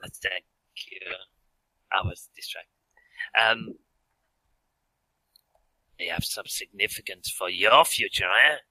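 A creepy, mysterious male professor with a thick put-on French accent, as a man puts him on, handing out ominous warnings in slow, measured tones. The voice sits low and sounds bright and clear in a dry, close space. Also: no room sound, exaggerated voice, poor audio. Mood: cryptic, ominous. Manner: grave, cryptic, measured pronouncements. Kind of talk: tabletop role-play.

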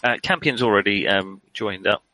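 A man's voice: fairly low pitch, moderate pace, bright, forceful tone, no echo, low-quality recording. A man running a tabletop role-playing game, narrating with many hesitant fillers. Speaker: game master.

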